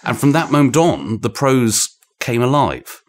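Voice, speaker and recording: A man's voice: medium pitch, sing-song, unhurried. A man with a British accent, an author being interviewed, explaining ideas in a thoughtful, digressive way with frequent restarts. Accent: British English. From Britain. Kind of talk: conversational explanation. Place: indoor room shared with the host.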